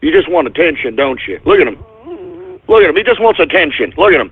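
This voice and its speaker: A man's voice: fairly high pitch, sing-song, quick pace, husky. A man hosting his own talk radio show, rambling in a comic monologue and breaking off to scold his crew and his dog in exasperation. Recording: phone-like narrow-band audio.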